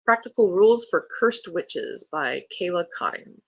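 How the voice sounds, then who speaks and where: A book podcast host chatting casually and reading new-release blurbs aloud in an even storytelling way. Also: mid-range voice, normal speed, vocal fry, no echo.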